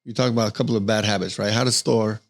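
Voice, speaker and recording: A man with a low, gravelly voice who talks fast. He hosts a casual podcast and fires eager, slangy questions at his guests. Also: fairly even intonation. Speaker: podcast host.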